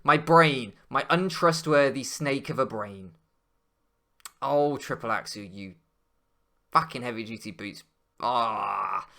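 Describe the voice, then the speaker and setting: A man ranting over a Pokémon match, switching between quiet muttering and loud swearing outbursts. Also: medium pitch, slow pace, creaky, long pauses. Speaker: Pokémon draft league player. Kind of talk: gaming commentary rant.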